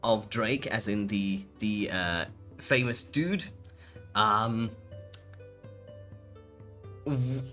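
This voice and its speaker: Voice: medium pitch, extremely slow, pauses often, a bit bright, faint music behind. A VTuber streamer in casual live-stream chat, giggling and rambling while answering chat.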